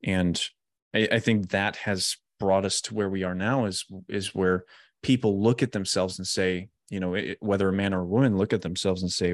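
A man's voice: low-pitched, fairly even intonation, moderate pace, no echo, clean studio sound. A man hosting a podcast, talking in a thoughtful, reflective way. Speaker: podcast host. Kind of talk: casual interview chat.

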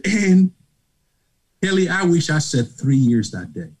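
A middle-aged man from Nigeria, a podcast guest telling a personal story in a lively way, acting out dialogue and laughing. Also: a little high, measured pace, rough recording.

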